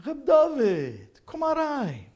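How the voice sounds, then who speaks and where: A man voicing an elderly rebbe, warm and loving, who speaks gently with a Yiddish flavor. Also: very high-pitched, wildly swooping pitch, very slow, pitched above the performer's own voice, heavily acted. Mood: warm welcoming.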